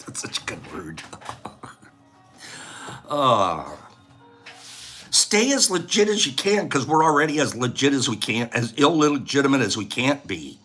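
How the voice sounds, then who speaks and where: A man's voice: medium pitch, sing-song, measured pace, pauses often, pushed and bright, soft background music. A man hosting a casual vlog, rambling and lecturing as he talks. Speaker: host.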